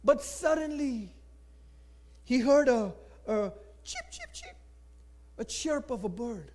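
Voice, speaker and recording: A man telling a moral story dramatically, swinging between loud exclamations and hushed near-whispers. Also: extremely high pitch, animated, slow.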